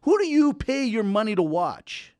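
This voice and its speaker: A high, bouncy male voice co-hosting a sports podcast, full of playful jokes and teasing. The sound is close and dry. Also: sing-song, normal speed, a little mellow, dry recording. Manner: playful, jokey, calling out mock nicknames. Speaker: podcast co-host. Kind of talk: casual sports banter.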